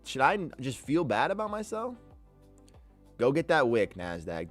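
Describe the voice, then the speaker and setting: A man's voice: mid-range voice, wildly swooping pitch, normal speed, pauses often, soft background music. Exasperated man pleading with the market. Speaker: live-streaming day trader. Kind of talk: live-stream commentary, reading chat.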